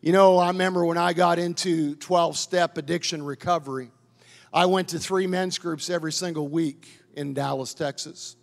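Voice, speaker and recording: Pastor, middle-aged man, high gravelly voice, impassioned sermon, reverberant hall. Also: steady tone, moderate pace. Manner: impassioned preaching, building to loud declarations.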